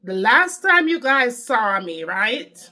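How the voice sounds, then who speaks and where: A woman's voice: a little high, sing-song, slow pace, bright, forceful tone. A woman with a Jamaican accent chatting to camera as a vlogger, telling her story in a chatty, dramatic way. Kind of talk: casual chat to camera.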